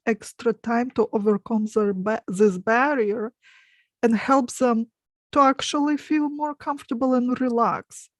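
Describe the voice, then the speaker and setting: A woman's voice: a little high, no echo. A woman with a Russian accent, a hypnotist talking in a casual panel chat, earnest and friendly with frequent laughs.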